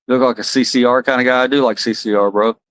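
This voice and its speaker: A man's voice: mid-range voice, fairly even intonation, fast talker, dry recording, rough recording. An American man hosting a livestream, rambling loosely and chatting with viewers by name. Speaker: livestream host. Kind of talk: casual chat with chat readers.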